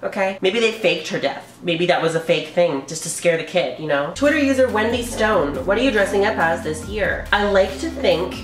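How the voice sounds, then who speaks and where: A woman's voice: mid-range voice, animated, normal speed, few pauses, echoey room, over music. A woman vlogger answering viewer questions in a casual, candid way, often swearing and laughing, from her living room. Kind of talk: casual Q&A chat.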